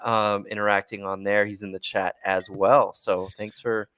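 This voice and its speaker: A man's voice: fairly low pitch, flat delivery, normal speed, a bit bright, clean tone, dry recording. A man hosting a casual podcast chat, rambling with many restarts. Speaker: podcast host.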